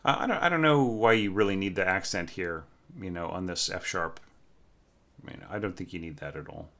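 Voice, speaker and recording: Speaking a little fast, a man reviews a student's orchestral score out loud, his voice lowish, bright and forceful. Fillers pepper his thinking-aloud, and he hums fragments of the music, coming across as an easygoing but exacting teacher in a casual critique.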